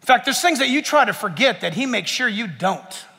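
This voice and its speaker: Fired up male pastor, high voice swooping all over, long church echo. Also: sing-song, a little fast, vocal fry, sharp tone, slightly rough. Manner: impassioned, emphatic, with jokes and rhetorical questions. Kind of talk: sermon. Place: church sanctuary.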